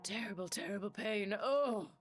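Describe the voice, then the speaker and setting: A woman voicing a weary old male halfling scholar who mumbles slowly and deliberately. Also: on the high side, expressive, fairly bright tone, faint music behind. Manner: mumbling, tired and gloomy.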